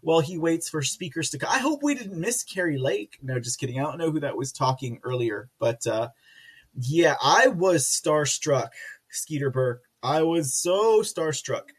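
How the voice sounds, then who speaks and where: Texan man, livestream host; loose, self-mocking chatter, light laughing, slightly high pitch. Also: lively intonation, normal speed, slightly rough. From Texas. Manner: giggly, rambling, self-mocking. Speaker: livestream host reading chat. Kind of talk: casual live commentary.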